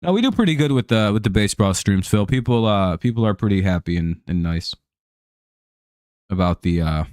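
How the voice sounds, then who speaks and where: A man's voice: lowish voice, expressive, a little fast, a little mellow, smooth, no room sound. A man hosting a live stream, chatting casually over a baseball game, laid-back and joking, with casual swearing.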